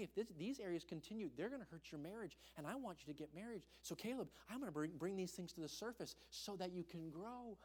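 Young male pastor, high-pitched, narrative sermon with animated quoted voices and hushed reflective passages. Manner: storytelling, acts out quoted voices with big pitch jumps; drops to a soft, low voice for tender points.

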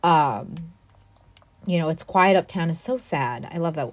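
A woman's voice: sits low, expressive, a little slow, dry recording. A young woman chatting casually and enthusiastically as a podcast co-host, full of fillers. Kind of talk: casual chat.

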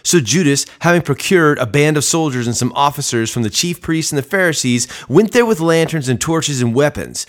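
A man's voice: fairly high pitch, lively intonation, fairly quick, hardly any pauses. A man giving a devotional sermon commentary on scripture in a reflective, conversational teaching manner.

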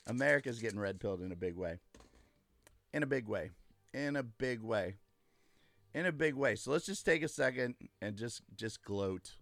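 A man's voice: mid-range voice, animated, moderate pace, fairly bright tone. A man hosting a casual livestream, ranting emphatically and gloating, repeating his points. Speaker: livestream host. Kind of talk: casual political livestream rant.

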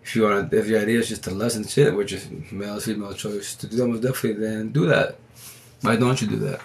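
A man talking into his phone on a livestream, rambling in a casual, slangy way and talking fast. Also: lowish voice, fairly even intonation, gravelly. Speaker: livestream host.

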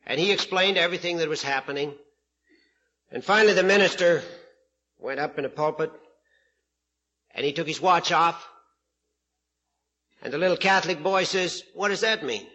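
A man's voice: on the high side, moderate pace, pauses often, sharp tone. A man giving a humorous talk as guest speaker at a recovery retreat, a folksy joke-teller who chuckles often, on a lo-fi 1970 tape. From Canada.

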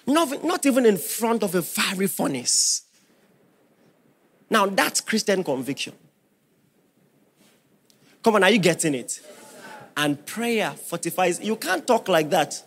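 A man's voice: high-pitched, very animated, measured pace, long pauses, a bit bright, breathy edge. A man preaching a sermon as pastor, emphatic and firing questions at the congregation.

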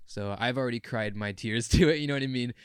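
A man's voice: medium pitch, fast talker, smooth, no echo, clean studio sound. A young man co-hosting a podcast, talking in an earnest, rambling and emotional way. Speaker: podcast co-host. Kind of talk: casual chat.

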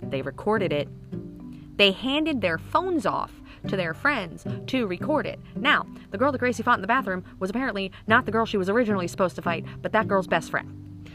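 A woman's voice: mid-range voice, lively intonation, fairly quick, over music. A woman in her thirties telling comic stories about her kids in a casual, rambling, profane way. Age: 30s. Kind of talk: casual comic storytelling to camera.

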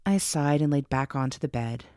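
A woman narrating a first-person ghost story for her podcast, slow and suspenseful. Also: rumbling low, darkish tone, dry recording, studio quality.

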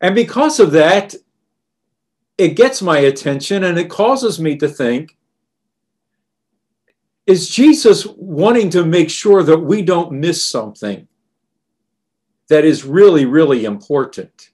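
A man preaching a sermon in a slow, earnest and deliberate way, dropping softer on the verses he quotes. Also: on the high side, animated.

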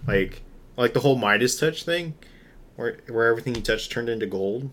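A man's voice: medium pitch, lively intonation, brisk. Rambling young man, faint background hiss. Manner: rambling, filler-heavy, loud. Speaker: podcast co-host. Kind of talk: casual chat.

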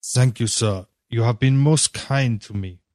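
A man's voice: mid-range voice, measured pace, darkish tone, dry recording, clean studio sound, pitched above the performer's own voice, natural voice. A man voicing an earnest, idealistic seventeen-year-old boy who speaks politely and formally. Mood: dignified.

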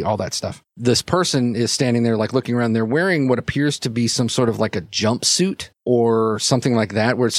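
A man's voice: medium pitch, no room sound. Dry-voiced man running a tabletop game. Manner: rambling, many fillers. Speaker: game master.

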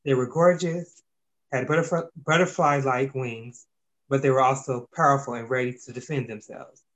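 A man's voice: mid-range voice, steady tone, normal speed, a bit bright. A man reading an amateur fantasy story aloud, stumbling and correcting himself as he goes. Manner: reads with slips and self-corrections. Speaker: narrator.

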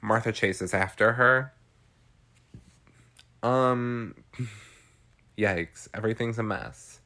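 Slow, gravelly-voiced man chatting. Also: fairly low pitch, sharp tone. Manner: chatty and slangy, many fillers. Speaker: podcast host recapping a film. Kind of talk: casual chat.

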